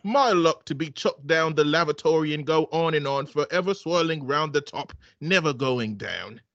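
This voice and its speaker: A posh, besotted middle-aged man, as a woman puts him on, dropping into a deep, murmuring register. His sweet talk comes. The sound is a bit muffled and very dry. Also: lively intonation, moderate pace, dry recording.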